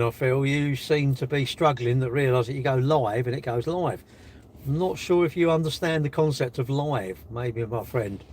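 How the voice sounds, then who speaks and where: A man's voice: on the high side, darkish tone, a little hiss or hum. An older man hosting a casual livestream, teasing viewers and bantering in a cocky way as he reads their chat messages. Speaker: livestream host reading chat. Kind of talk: casual live-stream chat.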